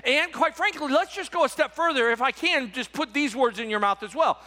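A man's voice: extremely high pitch, brisk, few pauses, sharp tone. A male pastor giving an Easter sermon with emphatic preaching, repeating words and tossing rhetorical asides to the congregation. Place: church sanctuary. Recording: reverberant church sanctuary.

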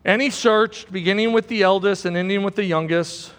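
A man's voice: high-pitched, a little fast, fairly bright tone, in a large hall. A man preaching a sermon as pastor, emphatic and repeating key words for stress.

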